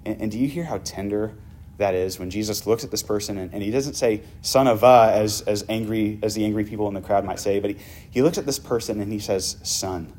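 A male pastor preaching a sermon, vividly retelling a story and dropping to hushed tones. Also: lowish voice, quick pace, a little hiss or hum.

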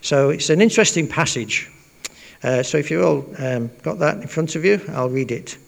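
A man's voice: on the high side, animated, moderate pace, creaky. A man giving an informal sermon in a church, chatty and full of fillers, repeating his points for emphasis. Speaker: preacher. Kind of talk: informal sermon with a Bible reading. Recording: long reverb in a church.

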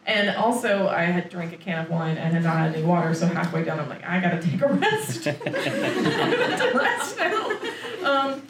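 Animated woman telling a story, roomy distant sound. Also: on the low side, a little fast, few pauses. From Florida, USA. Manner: animated, laughing, acts out her own lines. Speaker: author on book tour, guest. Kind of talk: casual storytelling chat. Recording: roomy echo, distant mic, faint noise.

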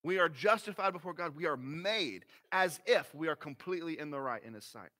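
A high-voiced man preaching, bright and forceful in tone. He is a pastor in his thirties, folksy and animated, his pitch swinging widely as he moves from quiet, serious points to excited ones. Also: fairly quick. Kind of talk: sermon.

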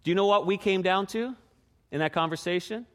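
Man, pastor, conversational sermon, rhetorical questions, hushed then animated, long hall reverb. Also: sits high, brisk.

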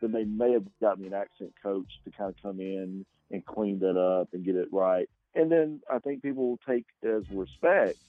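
A man's voice: lowish voice, normal speed, hardly any pauses, no echo, faint music behind. A male actor being interviewed, speaking casually and hesitantly, with many ums and restarts. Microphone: radio show microphone. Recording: dull, lo-fi sound.

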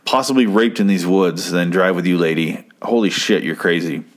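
A man's voice: low voice, moderate pace, voice pushed down, close to an everyday voice. A man voicing a panicky young male sailor, blurting out exasperated outbursts.

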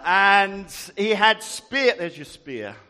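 In an echoey large hall, a man leads a group through a Bible story, picking volunteers and reading aloud in a jovial, chatty manner, laughing often. His voice sits high with big pitch swings, and it's slow, bright, forceful, and clean.

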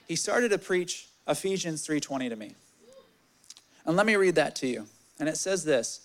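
Delivering his sermon at a moderate pace, a young man with a fairly high voice preaches openly through storytelling. He grows louder and more animated as his stories climb, and softens to a quiet hush when reading scripture.

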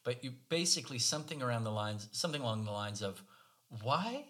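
A man's voice: medium pitch, expressive, fast talker, fairly bright tone. A man co-hosting a conversation, telling a story about himself in a casual, self-deprecating, wry way. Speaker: podcast co-host.

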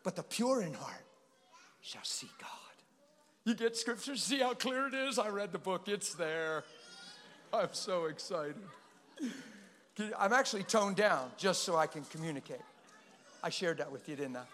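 Passionate high-voiced man preaching. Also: moderate pace, long reverb tail. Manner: passionate, animated preaching with sudden loud bursts. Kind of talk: sermon.

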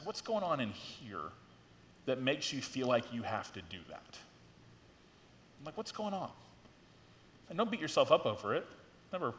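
A middle-aged male pastor preaches in a loose, conversational way, leaning hard on key words. His voice sits at an ordinary middle pitch. The sound carries a long reverb from a church hall. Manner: conversational, animated preaching with frequent "like" and rising emphasis. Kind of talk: sermon. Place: church sanctuary.

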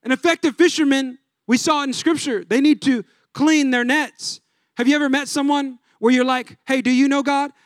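A man in his thirties, a pastor, preaching a sermon in a casual, energetic way full of rhetorical questions. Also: very high voice, normal speed, dry recording, studio quality.

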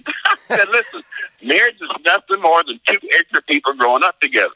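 Middle-aged male pastor, folksy storyteller; very bright, dry close sound. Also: on the high side, expressive, fast talker, no echo, low-quality recording. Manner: folksy, acts out voices in stories, laughs often. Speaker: pastor and marriage seminar teacher. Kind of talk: animated interview storytelling.

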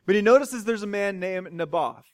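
A man's voice: high voice, normal speed, dry recording. A man preaching a sermon in a conversational way, retelling a Bible story with wry asides. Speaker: pastor.

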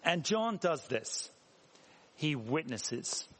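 A man's voice: fairly high pitch, sing-song, drawn-out words, fairly bright tone, a little hiss or hum. A man preaching a sermon in a church, talking conversationally and putting questions to the congregation. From England. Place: church hall. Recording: reverberant church hall.

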